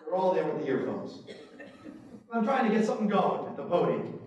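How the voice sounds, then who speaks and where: A man's voice: fairly high pitch, brisk, distant mic, dull audio. Storytelling man in an echoey hall. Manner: animated anecdotes with quoted voices. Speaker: author giving a talk. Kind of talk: storytelling public talk.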